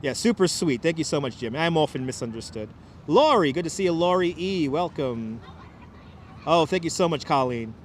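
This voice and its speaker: A chatty Brooklyn man with a high voice hosts a live walking stream from a city waterfront, greeting viewers by name and joking with the chat. A clip-on wireless mic keeps his voice close, with faint traffic and city hum behind him. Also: animated, moderate pace. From Brooklyn, New York. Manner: chatty, reads out viewer names and jokes with chat.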